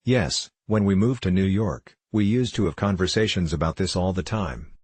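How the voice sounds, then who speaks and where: A man's voice: deep voice, moderate pace, darkish tone, slightly rough, dry recording. A man giving candid interview answers, telling a personal story in a reflective, heartfelt way.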